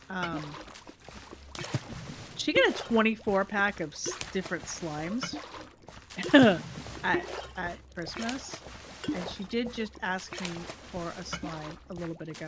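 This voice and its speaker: Chatty woman telling stories on a livestream. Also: noisy background. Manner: chatty storytelling, acts out quoted people with big pitch jumps. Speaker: livestream co-host. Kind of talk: casual chat.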